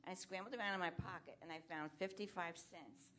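Low-voiced woman telling a story. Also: a little fast, a bit bright, a little hiss or hum. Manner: chatty storyteller. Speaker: audience member. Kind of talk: telling an anecdote.

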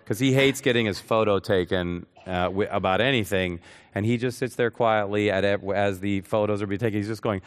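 A man in his thirties, a comedian guest on a talk show, telling quick funny anecdotes and laughing along. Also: on the low side, clean tone. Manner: fast comic storytelling with laughs.

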